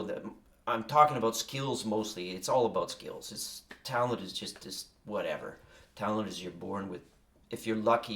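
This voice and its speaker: A man's voice: fairly low pitch, a bit bright. A man walking through his songwriting process in a casual, rambling way, often breaking off mid-thought and musing aloud. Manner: rambling, self-interrupting, musing asides. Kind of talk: casual spoken walkthrough.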